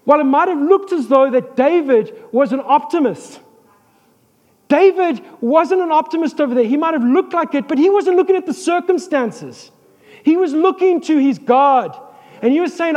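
High-voiced pastor preaching in an echoing hall. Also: male voice, normal speed. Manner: animated, joking asides, calls for amens. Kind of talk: sermon.

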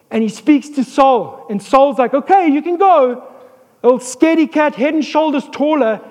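A man preaching an animated sermon as a pastor, with joking asides and calls for amens. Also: extremely high pitch, in a large hall.

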